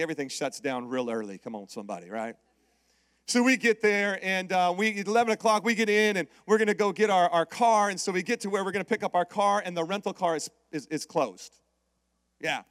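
High-voiced male preacher, dry close sound. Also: no echo. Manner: animated storytelling with call-outs to the congregation. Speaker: pastor. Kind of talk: sermon.

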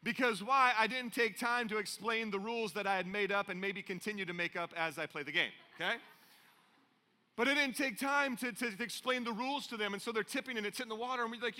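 A middle-aged male pastor preaches in a big church, his tone very bright and forceful. He sounds higher-pitched than most men and tells animated stories full of playful asides. The sound carries a long hall reverb. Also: fast talker. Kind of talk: sermon. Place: large church auditorium.

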